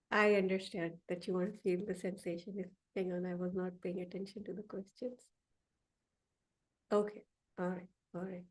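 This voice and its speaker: A woman teacher leading a guided affirmation session, speaking slowly and deliberately so listeners can repeat after her. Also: fairly low pitch, level tone, far from the mic. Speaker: meditation teacher. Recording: voice set back from the mic.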